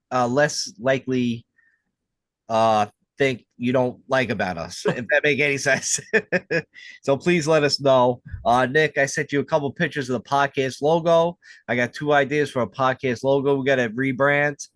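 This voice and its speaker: A man's voice: medium pitch, moderate pace, fairly bright tone, no echo. A man co-hosting a casual podcast, joking around, laughing often and swearing freely. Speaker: podcast co-host.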